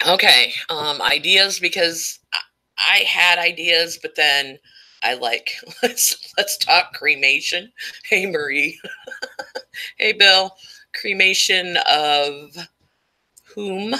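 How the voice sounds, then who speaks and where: A woman runs a casual live stream through a cheap microphone, her voice bright and a little tense. She talks at an unhurried, drawn-out pace and keeps breaking off to greet viewers by name. A slight tickle sits in her throat. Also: on the low side, rough recording. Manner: chatty, greets viewers by name while talking.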